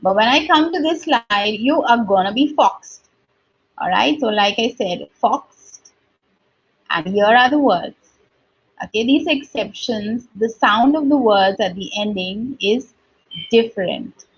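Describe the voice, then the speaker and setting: A woman teaching English pronunciation. She models each word slowly and repeats it, checking in with her listeners as she goes. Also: on the high side, lively intonation, slightly rough. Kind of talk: slow, deliberate teaching with repeated model words. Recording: dull, lo-fi recording.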